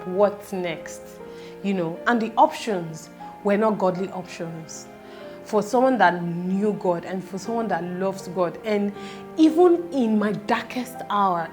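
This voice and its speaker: A woman in her thirties speaking in a personal vlog, halting and close to tears, with faint music behind. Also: medium pitch. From Nigeria. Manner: tearful, halting, fighting back tears. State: close to crying. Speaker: vlogger.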